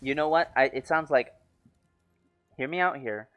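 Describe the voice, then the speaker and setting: A young man with an average-pitched voice throws in dry, blunt jokes while friends play a game. His talk is casual and unhurried. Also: music in the background. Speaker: let's play co-host. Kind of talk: casual gaming banter.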